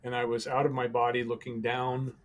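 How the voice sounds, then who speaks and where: A man, a podcast guest, telling a personal story in a calm, halting way with many pauses and restarts. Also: medium pitch.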